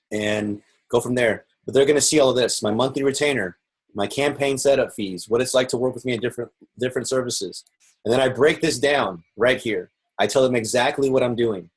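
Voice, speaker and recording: A man's voice: mid-range voice, breathy edge. A man teaching marketing sales on a video call, earnest and explaining step by step. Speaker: marketing instructor. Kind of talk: teaching sales with role-play.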